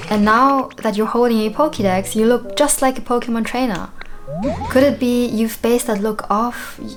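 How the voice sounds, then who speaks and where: A woman voicing a gentle, curious old plant Pokémon elder with quaint, old-fashioned British-style phrasing, over game music. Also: mid-range voice, level tone, measured pace, close to an everyday voice. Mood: kindly.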